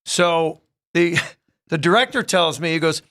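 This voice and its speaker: Comedian guest, male, high bright voice, wry self-mocking storyteller in a betting studio. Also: a little slow. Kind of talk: casual comedic chat.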